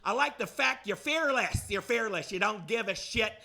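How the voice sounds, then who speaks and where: A man's voice: sits high, lively intonation, moderate pace, gravelly, sharp tone, heavily acted. A man playing his flamboyant, sensitive gay male friend, talking in a gushing, theatrical way.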